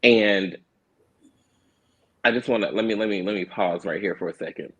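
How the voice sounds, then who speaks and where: A man's voice: on the low side, normal speed, fairly bright tone, slightly rough, low-quality recording. A young adult man, a reality show cast member and producer, earnestly explaining himself in a candid panel discussion, often repeating words as he restarts.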